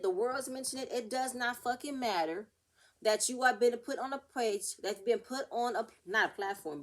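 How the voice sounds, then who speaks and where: A young woman talks through a reality TV episode in a casual vlog recap. Her voice sits a little high, and she rants with real heat, slipping into the cast's quotes as she goes.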